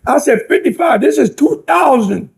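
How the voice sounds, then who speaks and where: An older man from the United States speaks as an interview guest with a fairly high, gravelly voice. He preaches in long, impassioned stories and slips into the voices of the people he quotes. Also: animated, normal speed. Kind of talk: impassioned storytelling talk.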